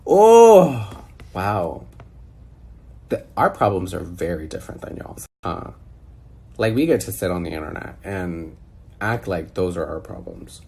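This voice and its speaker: Recorded on a phone held close, a social media personality speaks in a low, gravelly, husky voice, a little slowly and with long pauses. His rant is casual and incredulous, packed with exasperated rhetorical questions.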